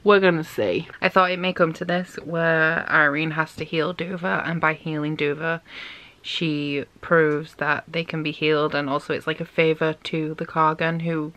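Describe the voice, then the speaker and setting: Young female book vlogger, lowish voice, casual, chatty, gushing. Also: little pitch movement, moderate pace, a bit bright. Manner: chatty, gushing, says "like" a lot. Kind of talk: casual book diary chat.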